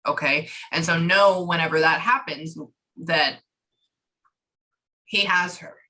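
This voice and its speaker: A woman giving a psychic reading, relaying a spirit's words in chatty, lively bursts. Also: fairly low pitch, takes it slowly, rough recording. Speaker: psychic medium.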